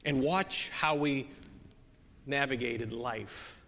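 A man's voice: medium pitch, slow. Earnest man preaching in a reverberant hall. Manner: earnest, swings from soft to emphatic with many restarts. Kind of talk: sermon. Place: church sanctuary.

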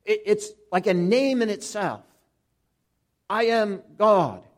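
A man with a high voice delivers an expository sermon at an unhurried pace. He restarts and repeats words often, and leans on each quoted phrase. His talk is measured and deliberate. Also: expressive. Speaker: preacher.

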